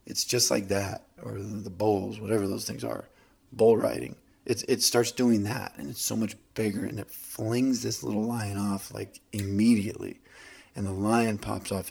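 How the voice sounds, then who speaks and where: Man, low gravelly voice, husky, rambling motivational talk, lots of restarts. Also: a little mellow. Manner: rambling storytelling with many restarts and fillers. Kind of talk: casual motivational monologue.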